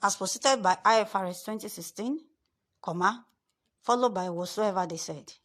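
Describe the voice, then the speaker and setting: A woman's voice: medium pitch, normal speed, a bit bright. Woman tutor, screen-share lesson, repetitive, leans on key words.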